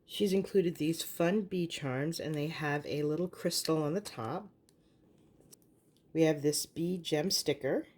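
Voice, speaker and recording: A woman's voice: sits low, unhurried, darkish tone. A woman presenting a craft haul, showing items one by one and gushing over each in an upbeat way. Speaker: craft YouTuber. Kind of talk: craft haul show-and-tell.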